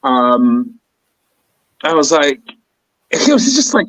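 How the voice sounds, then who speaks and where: A man co-hosting a podcast, talking in a loose, excitable, rambling way, with sudden bursts of enthusiasm. His voice sits fairly high for a man. The sound is close and dry. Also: slow pace, dry recording, poor audio. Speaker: podcast co-host. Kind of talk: casual chat.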